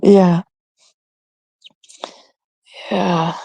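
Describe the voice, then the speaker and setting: Drawling Canadian woman, gravelly and husky. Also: lowish voice, little pitch movement, extremely slow, mellow, no echo. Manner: profane and rambling. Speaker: livestream host. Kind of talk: casual chat with viewers.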